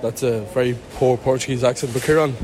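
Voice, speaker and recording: A man's voice: medium pitch, steady tone, quick pace, a little mellow. A young man hosting a banter podcast, teasing his co-host and joking with laughter.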